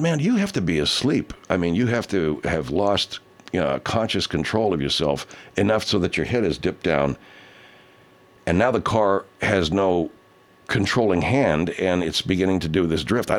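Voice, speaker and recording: A man hosting a casual talk show, telling a rambling, profane story with many restarts. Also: fairly low pitch. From Southern California. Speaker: show host.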